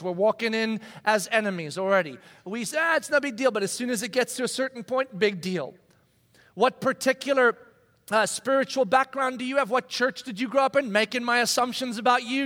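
A man preaching a sermon in a conversational, animated way, acting out quoted voices. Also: sits high. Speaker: pastor. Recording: long reverb of a large hall.

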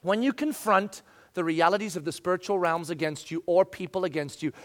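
A male pastor preaching an animated sermon that swings from loud to hushed, with humorous asides. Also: high voice, brisk.

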